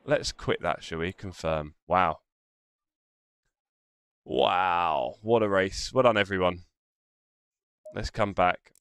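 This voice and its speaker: A man's voice: deep voice, fairly even intonation, takes it slowly, long pauses, a bit bright, clear, resonant tone, dry recording. Chatty male sim racing stream host. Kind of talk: live race commentary and chat. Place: home sim racing setup.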